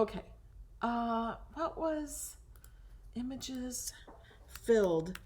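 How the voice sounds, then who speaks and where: A woman's voice: a little high, animated, takes it slowly, a bit bright, slight background noise. A woman hosting a casual crafting tutorial, chatting and thinking aloud as she browses designs, sometimes dropping to a whisper over things she likes.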